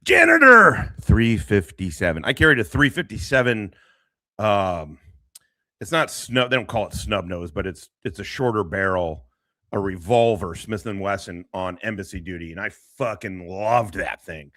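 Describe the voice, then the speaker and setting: A man's voice: deep voice, normal speed, fairly bright tone, no echo, studio quality. A man giving crude, mocking commentary on a clip, swearing and laughing as he talks. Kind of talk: casual profane commentary.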